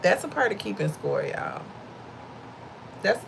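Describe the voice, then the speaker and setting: A woman's voice: lowish voice, huge pitch swings, measured pace, creaky, long pauses, a little hiss or hum, poor audio. A middle-aged woman hosting a livestream, giving a casual faith-based talk to her viewers, conversational and a bit preachy, often laughing and calling them y'all. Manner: laughs often while talking.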